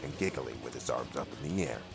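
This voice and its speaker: A man narrating a comedy audio drama in a deadpan, steady manner. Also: very deep voice, fast talker, creaky, music in the background.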